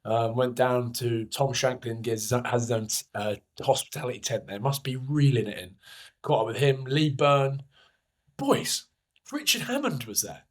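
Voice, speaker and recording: A man's voice: mid-range voice, lively intonation, measured pace. A young man co-hosting a podcast, hungover, telling rambling, self-mocking stories in casual chat. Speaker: podcast co-host.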